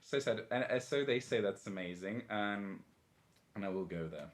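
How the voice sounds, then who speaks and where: Lively deep-voiced man, cheeky, a swearing storyteller and interview guest. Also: moderate pace. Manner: animated storyteller, swears freely. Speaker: design guest. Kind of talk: casual interview chat.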